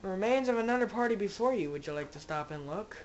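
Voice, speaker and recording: A woman's voice: mid-range voice, animated, fast, darkish tone, muffled recording, faint music behind. A woman giving casual let's-play commentary, rambling and joking as she talks to her game characters. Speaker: gamer playing a zombie survival game.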